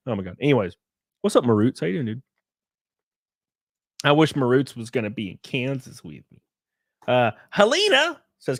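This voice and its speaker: A man's voice: mid-range voice, big pitch swings, a little slow, long pauses, dry recording, clean studio sound. Sarcastic ranting male streamer. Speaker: livestream host. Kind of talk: livestream commentary rant.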